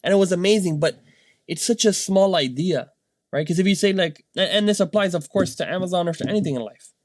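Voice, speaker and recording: A man, a dad, telling a casual motivational story in a rambling, animated way, tagging his points with "right?". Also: sits high, fast talker, no room sound. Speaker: vlogger and dad.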